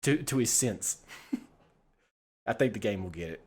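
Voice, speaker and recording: A man's voice: lowish voice, animated, takes it slowly, darkish tone, husky. An American man streaming a text adventure game, giving casual, rambling commentary full of swearing and laughter. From United States. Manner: rambling, profane, laughs often.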